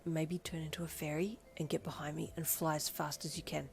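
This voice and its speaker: A woman voicing a nervous young man who speaks in a shaky, hushed, stammering way in a storybook tale. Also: sits low, level tone, fairly quick, vocal fry, voice pushed down. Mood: scared, hushed.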